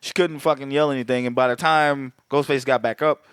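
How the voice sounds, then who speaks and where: A man's voice: medium pitch, fairly even intonation, brisk, fairly bright tone, clear, resonant tone, dry recording, clean studio sound. Profane, laid-back male podcast co-host. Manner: loose, profane, laughing recaps. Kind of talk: casual chat.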